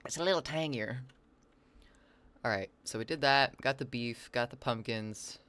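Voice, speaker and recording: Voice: mid-range voice, moderate pace, a bit bright, clear, resonant tone. Rambling, chatty game streamer. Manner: rambling and chatty, reads chat aloud and answers it; playful wordplay and silly asides. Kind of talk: casual live-stream chat while gaming.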